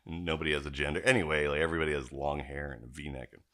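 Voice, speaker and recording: A man's voice: very deep voice, fast talker. A man hosting a casual podcast chat, telling profane stories with lots of mimicking. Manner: profane, animated storytelling with mimicked voices. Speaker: podcast host.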